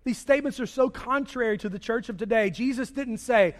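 A man preaching a sermon, swinging between loud raised delivery and hushed low passages. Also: a little fast, few pauses. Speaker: pastor. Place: church sanctuary. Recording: long reverb of a large hall.

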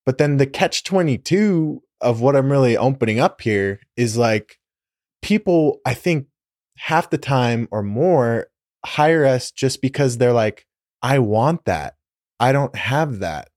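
A man's voice: mid-range voice, expressive, measured pace, darkish tone, no room sound, clean studio sound. A man hosting a podcast, talking candidly and reflectively with his guest. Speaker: podcast host. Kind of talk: podcast conversation.

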